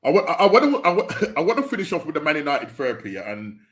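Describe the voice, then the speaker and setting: A man co-hosting a football podcast, telling stories with lively mimicry and laughter. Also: fairly high pitch, quick pace. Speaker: podcast co-host. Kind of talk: casual football chat.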